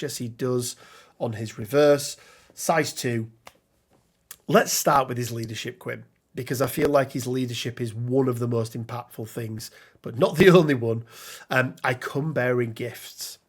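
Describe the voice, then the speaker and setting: A man's voice: mid-range voice, breathy edge. A man co-hosting a casual tabletop game discussion, chatty, with frequent ums and restarts as he reads out card rules. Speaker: podcast co-host.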